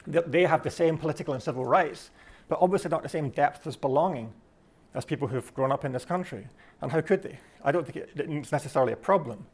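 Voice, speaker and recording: Scottish male speaker, quick and fairly high, reflective lecturer who restarts his phrases. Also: slightly rough. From Scotland. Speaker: speaker giving a talk. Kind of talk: delivered talk.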